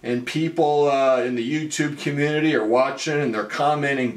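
A man talking in a casual, joking monologue, wry and self-mocking. His voice sits at an ordinary middle pitch. The recording has a roomy echo around him. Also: fairly even intonation, normal speed, few pauses. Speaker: watch vlogger.

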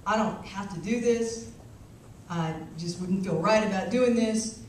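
A folksy, gruff old working man chews his words around a cigar stub, as a woman telling a story quotes him. The sound comes from far across a large, booming hall, caught on a small camcorder with faint noise under it. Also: unhurried, darkish tone, lightly acted. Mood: disapproving. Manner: drawling, folksy, chewing a cigar. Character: elderly chatty male park worker, gruff. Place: large hall, keynote speech.

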